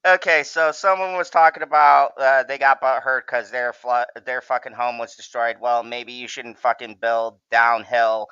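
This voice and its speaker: A woman's voice: very deep voice, normal speed, hardly any pauses, clear, resonant tone, no room sound, lo-fi sound. A woman co-hosting a casual podcast chat, swearing freely and laughing often. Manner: profane, laughs often, animated. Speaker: podcast co-host.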